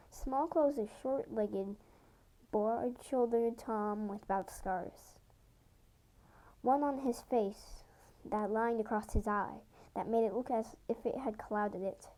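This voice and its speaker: A young woman reading her own fan story aloud, halting now and then to correct herself. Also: a little high, mellow, low-quality recording. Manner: halting amateur reading with restarts. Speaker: fan audiobook reader.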